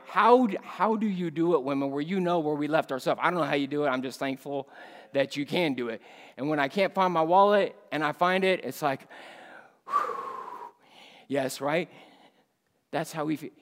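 A man preaching a sermon at a church missions conference, animated and emphatic, swinging from loud bursts down to low, quiet lines. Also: big-room sound.

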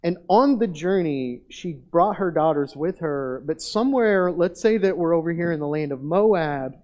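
A man preaching a sermon in a conversational, rambling way, often restarting sentences and getting animated when he tells funny stories. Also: fairly high pitch, normal speed, dull audio. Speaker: pastor.

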